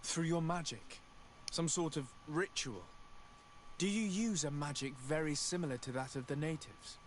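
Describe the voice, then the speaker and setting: A man's voice: fairly high pitch, moderate pace, slight background noise, lightly acted. A man voicing a courteous young male noble emissary in a video game, speaking in a formal, composed way.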